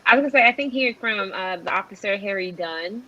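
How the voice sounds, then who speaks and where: A woman's voice: medium pitch, fast talker, pushed and bright, dull audio. A young woman co-hosting a news discussion, earnest and hesitant, with many "um"s and "like"s. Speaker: co-host.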